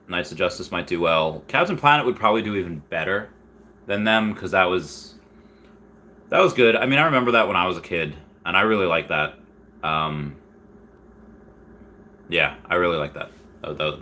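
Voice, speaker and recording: A man in his thirties hosts a casual livestream, rambling through questions from chat with plenty of fillers and restarts. His voice is low and pushed, with a bright edge, at a moderate pace, and there's a slight hiss or hum in the audio.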